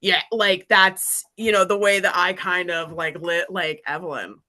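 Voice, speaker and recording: Union-laborer woman from Massachusetts as podcast guest: chatty, laughs a lot, fairly low, bright-edged voice. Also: fairly even intonation, a little slow. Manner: chatty, laughs often, fills talk with "like". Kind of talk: casual podcast interview.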